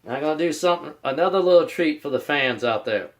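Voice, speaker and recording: A man's voice: fairly high pitch, animated, fast. A man hosting his own video channel, giving a rambling, repetitive announcement and often speaking of himself in the third person. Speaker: YouTube channel host. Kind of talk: casual vlog announcement.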